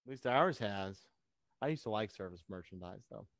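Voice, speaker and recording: A man's voice: fairly low pitch, animated, normal speed, fairly bright tone, dry recording. Guy hosting a live chat, rambly and sarcastic, dry close sound. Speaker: host.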